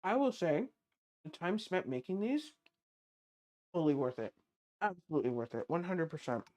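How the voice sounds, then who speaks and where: Chatty woman streamer with a lively voice. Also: low-pitched, moderate pace. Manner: chatty, reads chat aloud, laughs often. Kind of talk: casual livestream chat while eating.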